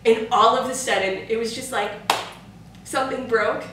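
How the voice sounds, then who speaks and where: A woman's voice: fairly high pitch, fairly even intonation, moderate pace, fairly bright tone. A woman co-hosting a book club chat, telling a personal story animatedly with fillers and laughs. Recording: echoey room, far from mic, faint noise.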